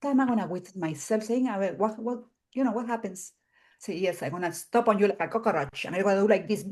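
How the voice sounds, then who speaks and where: Animated woman group member, mid-pitched, laughs through her story and acts out the dialogue. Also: a little fast. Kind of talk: casual personal story.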